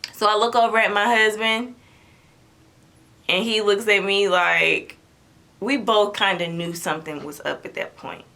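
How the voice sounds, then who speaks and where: Talking to camera with a sharp-toned, mid-range voice, a young female vlogger recounts something that happened to her. She's chatty and dramatic, performing other people's lines as she goes.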